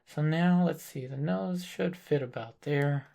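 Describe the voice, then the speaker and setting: Slow, gravelly-voiced man teaching painting. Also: on the high side. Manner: thinks aloud while working, calm and deliberate. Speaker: painting instructor. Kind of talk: live painting demonstration.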